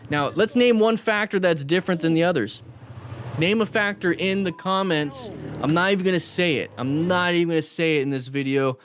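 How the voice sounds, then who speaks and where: A man's voice: mid-range voice, a bit bright, no room sound. A man giving casual commentary over motorcycle clips, coaching viewers and talking to them directly. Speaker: motorcycle safety instructor. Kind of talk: video commentary on crash clips.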